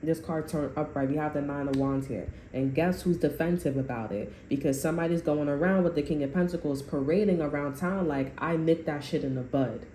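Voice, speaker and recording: A woman with a low, mellow voice gives a casual tarot reading. She talks bluntly, swears freely and circles back over her points. Her voice carries a roomy echo over faint background noise. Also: fairly quick, few pauses. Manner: blunt and profane, rambling, repeats itself. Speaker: tarot reader.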